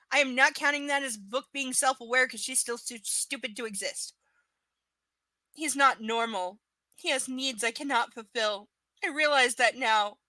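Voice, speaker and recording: A woman with a high, sharp voice reads a book aloud and keeps cutting in with scornful, swearing commentary. The sound is close and dry, with no room around her. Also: no room sound. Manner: sarcastic, profane, exasperated asides. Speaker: live book reader. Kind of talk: live reading with ranting commentary.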